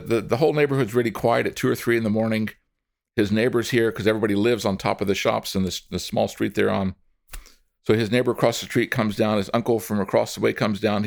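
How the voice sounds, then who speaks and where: A man's voice: on the low side, vocal fry. A man telling a dramatic story to an audience, addressing its members directly. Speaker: storyteller, speaker.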